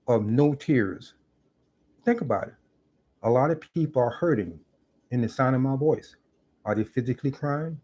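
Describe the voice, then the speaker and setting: A man's voice: medium pitch, darkish tone. A middle-aged man speaks in a reflective vlog monologue with a mid-range voice. He is earnest and a bit preachy, and he stresses his points by repeating phrases. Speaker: YouTube commentator. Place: parked car.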